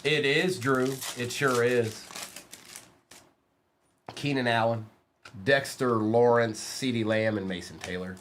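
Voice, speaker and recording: A man hosting a live-stream card break, reading off player names quickly and teasing viewers between bursts of excitement. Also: medium pitch, slight background noise.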